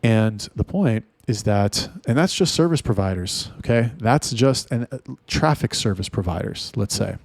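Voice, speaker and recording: A man's voice: fairly low pitch, lively intonation, moderate pace, dry recording. A man ranting in a casual, blunt and heavily profane monologue. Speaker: talk host.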